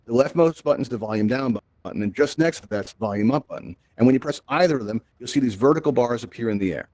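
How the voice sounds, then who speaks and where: A man's voice: mid-range voice, fast, no echo. A man presenting to a live audience in a virtual reality space, talking energetically through a headset microphone and checking in with "right?" after nearly every point. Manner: energetic, peppered with "right?" and "all right?". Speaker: event presenter.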